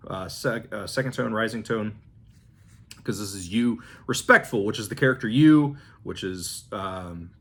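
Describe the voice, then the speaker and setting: A man in a casual vlog, relaxed and rambling, thinking aloud with fillers and restarts while he shows his flashcards. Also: medium pitch. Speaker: language-learning vlogger. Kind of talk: casual demonstration talk.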